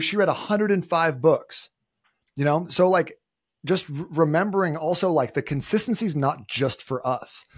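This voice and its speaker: A man's voice: mid-range voice, slightly rough, no echo, studio quality. A man in his thirties, a podcast guest, telling stories in casual conversation and acting out the voices of people he quotes. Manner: animated storyteller, acts out quoted voices.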